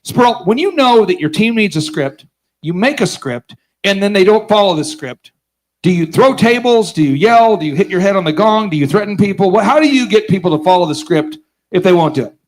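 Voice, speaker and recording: Energetic sarcastic man telling stories on stage. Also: high-pitched, a little fast. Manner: energetic, sarcastic, acts out voices in his stories; keeps quizzing the audience. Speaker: business conference host. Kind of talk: live seminar storytelling to an audience.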